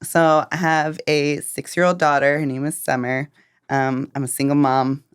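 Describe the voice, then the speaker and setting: A young woman with a low voice talks casually as a podcast guest, laughing lightly between her thoughts. Her voice is close and dry, with no room sound, and she often pauses on an "um". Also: flat delivery, smooth, no room sound. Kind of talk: casual interview chat.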